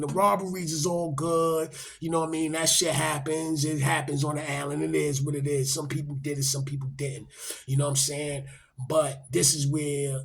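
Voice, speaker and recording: A man's voice: a little high, gravelly, slightly rough. A middle-aged man, telling a story in casual street talk and acting out the quotes. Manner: animated, acts out quotes, rising loud when excited.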